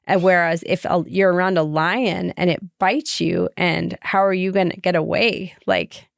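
A young woman co-hosts a relaxed faith-based podcast, talking in a chatty, rambling way full of restarts. Her voice sits low with a gravelly fry, recorded close and dry. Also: moderate pace, no echo. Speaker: podcast co-host. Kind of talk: casual faith-based chat.

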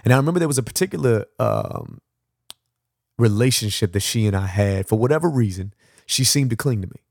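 Low gravelly man telling a story. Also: brisk, no echo, clean studio sound. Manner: animated storyteller, acts out dialogue, laughs often. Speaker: podcast host. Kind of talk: personal storytelling.

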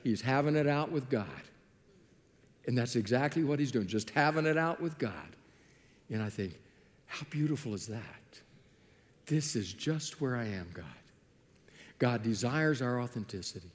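A man preaching from the pulpit, his voice pitched somewhat high for a man. He acts out scripture scenes with lively dialogue, and his words ring with the long reverb of a large hall. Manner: animated storytelling, acting out biblical dialogue. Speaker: pastor. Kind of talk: sermon.

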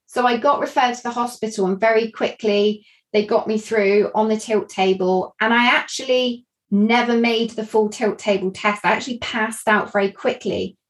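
A woman's voice: fairly high pitch, fairly even intonation, normal speed, hardly any pauses, poor audio. A woman, candidly telling her own story as a guest, earnest and reflective. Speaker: guest sharing a personal story.

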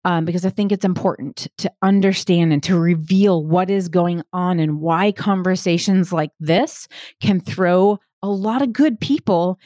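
Woman podcast host, lowish voice, dry close recording, methodical explainer who checks in with the listener. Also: unhurried, warm tone, dry recording. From Texas, United States. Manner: explains step by step, checks in with "right?" and "okay?"; reads quotes aloud, then deconstructs them. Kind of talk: solo podcast commentary.

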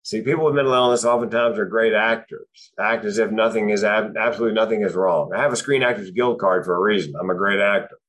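Talking fast with few pauses, this comedian and speaker has a lowish, slightly bright voice. He turns his personal experiences with depression into comic stories, landing dry punchlines.

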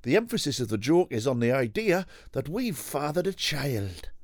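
A man's voice: mid-range voice, sing-song, normal speed, dry recording, clean studio sound, voice pushed up. A man voicing two ageing, rock-loving men who banter with each other, full of swearing.

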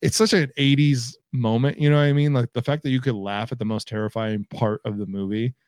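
A man's voice: mid-range voice, steady tone, a little fast, a little mellow, no echo, clean studio sound. A man co-hosting a casual film podcast from home, talking with easygoing enthusiasm and agreeing with his co-host. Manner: enthusiastic, agreeable, laughs along. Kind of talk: casual movie-discussion chat. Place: home, recording remotely.

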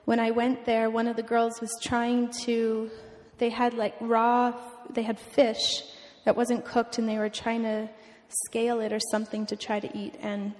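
A young woman giving an emotional, earnest personal testimony at a mission event, often halting and restarting. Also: fairly high pitch, completely flat delivery, a little mellow. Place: church event hall. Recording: long hall reverb.

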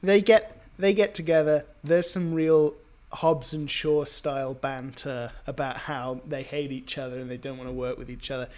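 A man's voice: fairly high pitch, steady tone, moderate pace, a little mellow. A British man hosting a casual podcast chat, recapping a movie in a rambling, filler-heavy way. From Britain. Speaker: podcast host.

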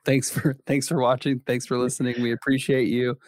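A man's voice: medium pitch, level tone, a little fast, darkish tone, dry recording. A young man co-hosting a casual podcast, playful and laughing often. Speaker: podcast co-host.

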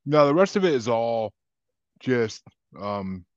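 A man's voice: medium pitch, very animated, takes it slowly, darkish tone, no echo. A man hosting a podcast, chatting casually about albums with lots of detail and swearing. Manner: chatty, profane, detail-heavy music talk. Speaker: podcast host. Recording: dull lo-fi sound.

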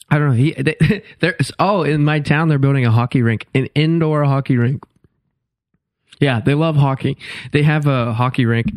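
A man's voice: mid-range voice, no room sound, studio quality. A male guest comedian in a casual podcast chat, rambling through stories and laughing as he talks.

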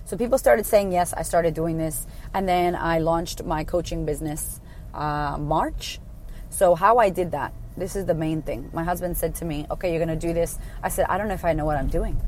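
A woman's voice: low voice, moderate pace, a little hiss or hum. Blunt, sweary woman life coach. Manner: blunt, sweary, animated storytelling. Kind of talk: casual storytelling to camera.

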